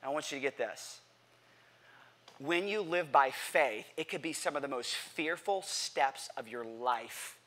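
Lively, bright-voiced pastor preaching. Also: male voice, medium pitch, a little slow. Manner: animated, playful, acts out quotes; addresses congregation directly with questions. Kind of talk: sermon. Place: church sanctuary.

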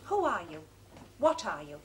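An actress playing a cool, self-possessed young college-educated daughter who speaks crisply and precisely, in a period film drama. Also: female voice, mid-range voice, huge pitch swings, normal speed, slight background noise. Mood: cold. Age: young adult.

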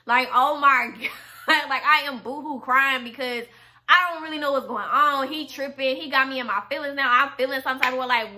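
A young woman in a casual storytime vlog, talking in an animated way, full of "like" fillers and swearing as she recounts a night out. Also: sits high, normal speed. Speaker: vlogger telling a personal story.

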